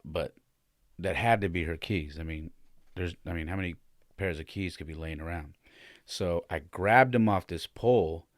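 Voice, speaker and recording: A man with a low, deep voice tells a story from his own life in a relaxed, chatty way. He often stops and restarts his sentences. The sound is dry, with no room echo. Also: normal speed. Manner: loose and conversational, many fillers and restarts. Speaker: podcast host and father. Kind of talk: casual personal storytelling.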